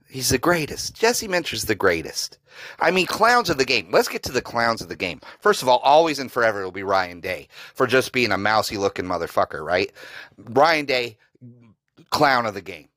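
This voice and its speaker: Man hosting a sports podcast, sarcastic, profane, ranting, lively swinging pitch, dry close sound. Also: no echo, low-quality recording. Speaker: podcast host. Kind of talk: solo sports reaction rant.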